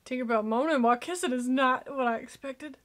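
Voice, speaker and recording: A woman giving excitable, gushing casual commentary while reacting to a movie. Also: sits high, a little fast.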